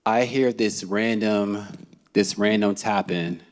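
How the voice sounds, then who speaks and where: A man's voice: lowish voice, slow pace. Man telling a comic story on stage. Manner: animated and comic, laughing as he tells it. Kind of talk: live personal storytelling. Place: theater stage.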